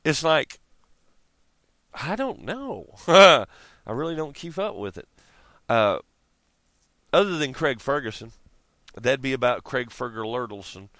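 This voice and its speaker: A man's voice: mid-range voice, very animated, measured pace, pauses often, a bit bright, no echo. Rambling, profane man ranting to camera. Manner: profane, rambling, laughing often. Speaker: vlogger. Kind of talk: casual rant to camera.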